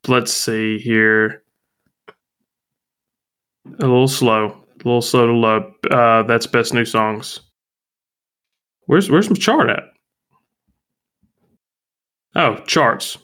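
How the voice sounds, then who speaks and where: A man's voice: medium pitch, bright, forceful tone. A man hosting a podcast in casual chat, with wry, playful banter. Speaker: podcast host.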